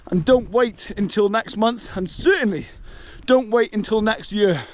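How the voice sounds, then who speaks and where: A man's voice: high-pitched, unhurried, darkish tone. A young adult man vlogging outdoors while walking in the rain, giving an earnest, motivational rant and sounding out of breath. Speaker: travel vlogger. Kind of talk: walking vlog monologue. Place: outdoors on a hillside walk in the rain.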